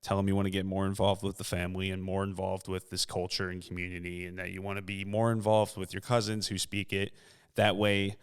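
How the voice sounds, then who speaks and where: Male podcast co-host in his twenties, reflective, low and clear. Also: completely flat delivery, a little fast. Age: 20s. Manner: earnest, reflective. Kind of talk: casual chat.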